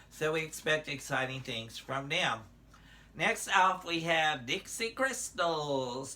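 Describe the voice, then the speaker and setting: A man's voice: a little high, bright, forceful tone. An older man, a drag performer, giving a chatty, casual review of a show's contestants, with frequent filler words and playful asides.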